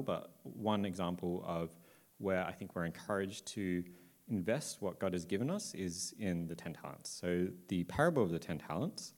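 A man giving an informal Bible talk to a group in a room, speaking casually with many filler ums and paraphrasing loosely. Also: sits low. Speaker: church speaker. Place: indoor room with listeners.

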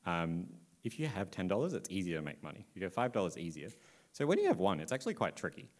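A man with a very low voice gives a relaxed Bible talk to a group gathered in a room. He speaks loosely and informally, filling pauses with plenty of ums as he paraphrases the story. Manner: casual, many filler ums, loosely paraphrasing. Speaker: church speaker. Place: indoor room with listeners.

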